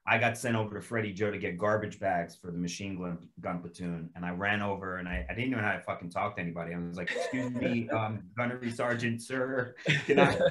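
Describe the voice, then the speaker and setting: Animated man telling barracks stories. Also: sits low, quick pace, hardly any pauses. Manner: animated anecdotes, laughs often, swears freely, acts out shouted drill calls. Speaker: actor on a cast reunion panel. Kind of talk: casual storytelling among castmates.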